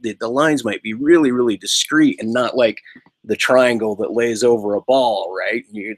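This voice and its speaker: A man's voice: mid-range voice, fairly bright tone, dry recording. Rambling, musing man in a dry room. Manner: halting and musing, many restarts; ends phrases with a questioning "right?". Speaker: solo vlogger. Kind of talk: rambling philosophical monologue.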